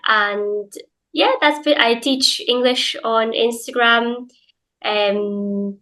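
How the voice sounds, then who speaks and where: Chatty Glaswegian woman, fairly high voice. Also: a bit bright, rough recording. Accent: Glaswegian Scottish. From Scotland, Glasgow. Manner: chatty, many fillers and hedges. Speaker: guest, English teacher. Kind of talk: casual interview chat.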